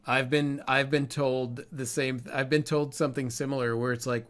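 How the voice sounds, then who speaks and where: A man's voice: medium pitch, moderate pace, hardly any pauses. Candid man co-hosting an art podcast. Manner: relaxed, candid, swears freely. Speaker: podcast co-host, artist. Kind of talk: casual podcast chat.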